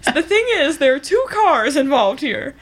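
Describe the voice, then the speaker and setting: A woman's voice: high voice, sing-song, moderate pace. A woman co-hosting a casual chat, playful and rambling, with a joking manner. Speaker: podcast co-host.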